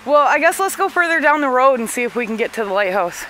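Anxious, bossy mom, very high and bright, casual outdoor vlog. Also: female voice, sing-song, quick pace, a little hiss or hum, poor audio. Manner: anxious and bossy, warning others away from edges. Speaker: mother on a family road trip. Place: outdoors at a lakeside cliff overlook.

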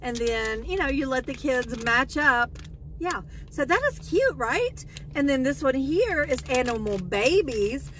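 A chatty, excitable woman talking casually in a shopping haul video. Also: sits high, unhurried, slight background noise, rough recording. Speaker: vlogger.

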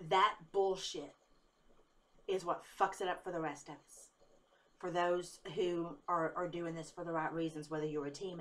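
A woman psychic talking casually to her viewers after a long workday. Her voice is tired and a little low. She rambles and speaks candidly, laughs easily, and swears when she gets angry. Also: a bit bright. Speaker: psychic vlogger. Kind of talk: casual talk to camera.

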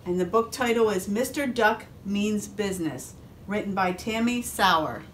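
A woman police officer reading a picture book aloud to a first grade class, expressive and adding asides to the children. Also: mid-range voice, a little slow, a little hiss or hum.

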